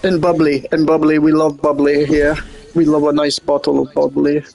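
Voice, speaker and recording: A man putting on a prim, fussy English gentleman. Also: a little high, little pitch movement, creaky, rough recording. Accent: put-on English. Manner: theatrical, drawn-out, whimsical. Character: prim, fussy British gentleman stranded up high. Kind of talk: game voice chat banter.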